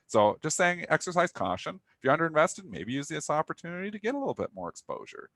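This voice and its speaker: A man's voice: a little high, sing-song, fast talker, a bit bright, no echo. A young man co-hosting a live trading talk show, talking candidly and restlessly, often repeating himself. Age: young adult. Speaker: co-host.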